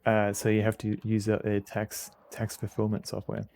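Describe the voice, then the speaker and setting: A man with an Australian accent streaming a game, chatting casually in a halting, rambling way with many fillers. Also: lowish voice, completely flat delivery, creaky, darkish tone. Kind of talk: casual commentary while playing a game.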